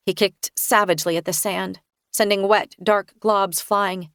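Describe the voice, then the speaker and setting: A woman's voice: fairly low pitch, normal speed, a bit bright, no room sound. Woman narrating a tense novel, dry. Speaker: audiobook narrator. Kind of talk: first-person novel narration.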